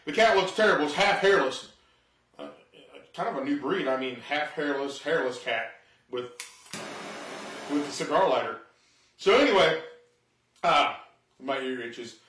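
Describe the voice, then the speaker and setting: A man's voice: fairly high pitch, animated, unhurried, pauses often, a bit bright, roomy sound, far from the mic, a little hiss or hum. A man doing a rambling, self-mocking comedy monologue at home in his living room. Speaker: stand-up comedian.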